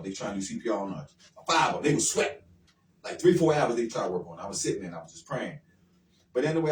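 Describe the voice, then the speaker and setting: Brief: man, fast-talking radio guest, earnest and heartfelt storyteller, roomy sound off the mic. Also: fairly low pitch. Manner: earnest, emotional storytelling with repetitions. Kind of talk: casual radio talk. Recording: roomy sound from far off the mic with faint noise.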